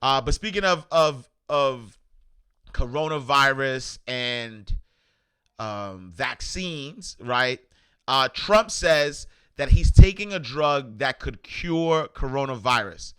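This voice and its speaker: A man hosting a casual news commentary show, rambling with many fillers and getting animated when indignant. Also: medium pitch, slow pace, clean tone. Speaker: host.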